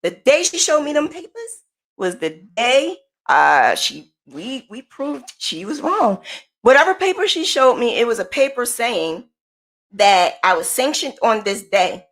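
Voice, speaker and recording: Animated woman telling a personal story. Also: a little high, measured pace. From United States. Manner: animated, emphatic, repeats points. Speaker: podcast host. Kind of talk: casual storytelling.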